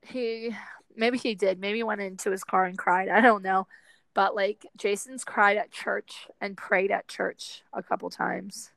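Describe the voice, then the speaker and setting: A young woman co-hosting a casual chat, animated and chatty, swearing freely while she does chores. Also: medium pitch, unhurried, gravelly, no echo, poor audio. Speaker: podcast co-host.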